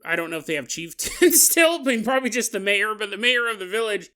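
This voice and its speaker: A man hosting a podcast, telling a story in a joking, animated way with laughing asides. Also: sits high, brisk, smooth. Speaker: podcast host. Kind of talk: comedic storytelling.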